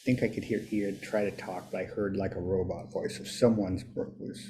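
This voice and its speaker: A man taking part as a student in an online class, relaxed and chatty, hesitating on new words. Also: low voice, normal speed, a little hiss or hum. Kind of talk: casual video-call class. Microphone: video call.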